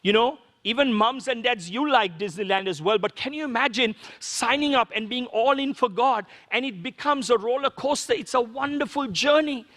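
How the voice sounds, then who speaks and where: High-voiced Sri pastor preaching. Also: male voice, moderate pace, few pauses, fairly bright tone, in a large hall. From Sri Lanka. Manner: conversational preaching with rhetorical questions. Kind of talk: sermon.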